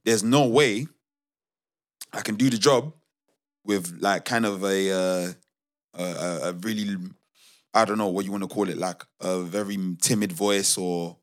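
A young man with a fairly low voice tells his stories casually, using slang and often stopping to restart his sentences. He gets lively as he goes, and his delivery stays loose and conversational. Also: normal speed. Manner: animated, slangy, many restarts. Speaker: podcast co-host. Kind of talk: casual storytelling chat.

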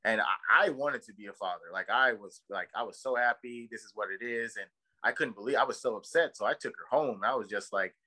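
A man's voice: on the low side, a little fast, pushed and bright, low-quality recording. A man co-hosting a podcast, telling a heated, rambling story full of fillers and swearing. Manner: heated and emphatic. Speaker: podcast co-host. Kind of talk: casual podcast chat.

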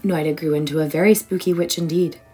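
A woman reading a children's bedtime story aloud in a warm, expressive way. Her voice sits fairly low, and soft music plays quietly behind her. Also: quick pace, husky, rough recording.

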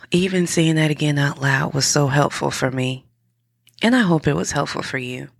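Brief: woman podcast host, low voice with vocal fry, warm encouragement, dry close sound. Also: a little slow, dry recording. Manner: earnest and encouraging, with frequent restarts. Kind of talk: motivational podcast monologue.

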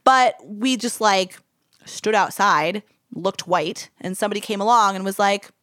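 A woman's voice: mid-range voice, measured pace, a bit bright, no room sound, clean studio sound. A woman co-hosting a podcast, chatting casually with lots of "like" and some swearing. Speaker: podcast co-host. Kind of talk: casual travel chat.

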